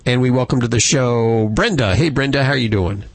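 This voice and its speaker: A man's voice: mid-range voice, fairly quick, creaky, dry recording. A man hosting a radio show, joking and bantering playfully with callers and co-hosts. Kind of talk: casual radio chat.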